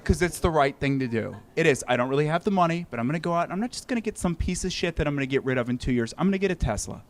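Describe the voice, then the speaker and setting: Animated man doing stand-up, lively pitch. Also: rapid-fire. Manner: animated, swearing, acts out characters. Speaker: stand-up comedian. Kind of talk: stand-up comedy set. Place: comedy club stage.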